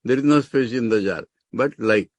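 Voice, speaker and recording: A man's voice: medium pitch, normal speed, no room sound. A man with an Indian English accent, teaching scripture as a monk, explaining Sanskrit terms word by word with emphatic rises. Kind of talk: scriptural discourse.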